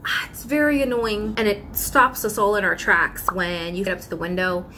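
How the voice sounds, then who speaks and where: A woman talking casually to camera in a vlog. She talks in an animated, pleading way and sounds exasperated. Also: mid-range voice, moderate pace, slight background noise. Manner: animated, breaks into mimicked customer voices. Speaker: vlogger.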